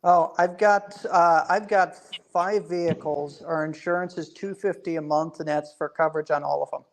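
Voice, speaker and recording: A man in a casual group chat, recounting a story with exasperation. His voice sits slightly high. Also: steady tone, moderate pace.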